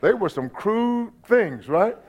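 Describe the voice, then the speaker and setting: A man's voice: sits high, sing-song, slow pace, a little mellow, slightly rough. A man preaching a sermon as pastor, folksy and humorous, repeating his points and talking to the congregation. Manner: preaching with repetition and audience asides. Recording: dull lo-fi church recording.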